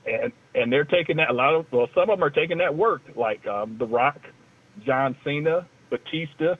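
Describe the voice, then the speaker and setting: A man's voice: on the high side, normal speed. A man co-hosting a casual talk show, rambling in a loose, joking way. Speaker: co-host. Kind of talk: casual talk-radio chat. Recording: tinny phone line.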